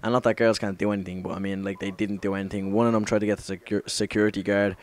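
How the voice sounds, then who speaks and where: A man's voice: fairly low pitch, level tone, rapid-fire. A young man telling a story casually over gameplay, rambling, swearing a lot and correcting himself as he goes. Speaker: gaming commentator.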